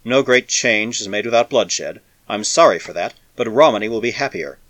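A man's voice: on the low side, lively intonation, a bit bright, no echo. A man reading aloud and voicing a ruthless male revolutionary who speaks soberly. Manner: slow, sober, measured.

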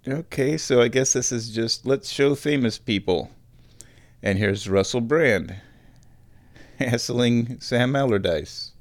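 A man's voice: mid-range voice, no echo. A young man hosting a casual solo show, rambling and correcting himself with chuckling asides while he watches football. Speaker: show host, committee chairman.

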